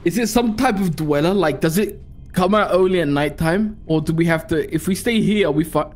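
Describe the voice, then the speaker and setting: A man's voice: a little high, normal speed, slight background noise. A man chatting casually in a game with friends, rambling with many fillers. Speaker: gaming friend. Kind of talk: casual gaming chat.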